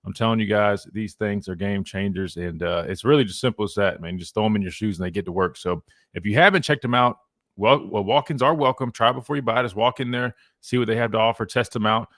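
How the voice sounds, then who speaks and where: A man's voice: fairly low pitch, quick pace, fairly bright tone, dry recording, studio quality. Laid-back man hosting sports radio. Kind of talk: casual sports talk. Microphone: studio mic.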